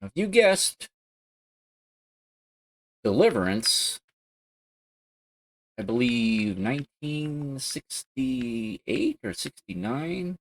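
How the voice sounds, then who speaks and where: This is a low-quality recording of a man with a lowish, creaky voice. He's live-streaming a racing game from his home gaming rig, talking casually and excitedly and letting out loud yelps and swears when he crashes.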